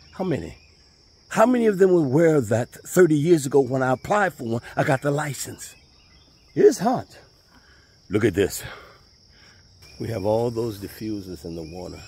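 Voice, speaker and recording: Out by a pond, a man tours his land on video, talking in a conversational, folksy Southern style. His medium-pitched voice is husky with a darkish tone, and birds and insects are faintly audible outside.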